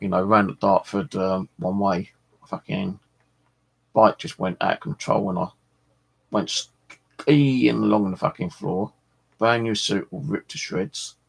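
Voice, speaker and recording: A man's voice: sits low, gravelly, slightly rough, low-quality recording. A middle-aged man, chatting casually as the host of a fishing channel and telling rambling stories while swearing freely.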